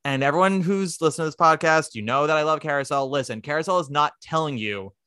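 A podcast host in casual chat, talking in an animated, opinionated way with quick asides. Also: mid-range voice, smooth, dry recording, studio quality.

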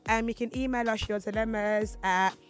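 A woman's voice: a little high, steady tone, normal speed, soft background music. Giggly young woman co-hosting. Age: young adult. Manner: giggly, playful, runs the sign-off. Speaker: podcast co-host. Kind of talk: casual chat.

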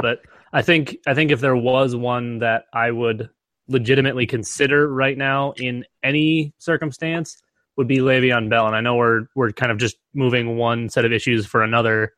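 This man speaks at a middle pitch with a dry sound and no room echo. He co-hosts a casual sports podcast chat in a laid-back, teasing way. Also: steady tone, moderate pace, fairly bright tone.

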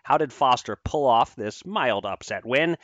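A man co-hosts a boxing podcast in a bright, forward voice, easygoing in the banter and brisk when he runs through the results. The sound is dry and close. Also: mid-range voice, lively intonation, no echo, highs cut off. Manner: easygoing, laughs along, reads stats briskly. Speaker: podcast co-host. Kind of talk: casual podcast chat and fight recap.

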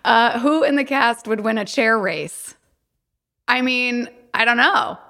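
A woman's voice: on the high side, takes it slowly, bright, forceful tone. A woman co-hosting a podcast in casual chat, bubbly and giggly. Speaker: podcast co-host.

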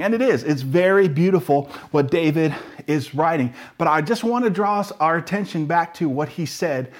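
A man's voice: a little high, expressive, moderate pace, hardly any pauses. Earnest, emphatic male pastor preaching. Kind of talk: sermon.

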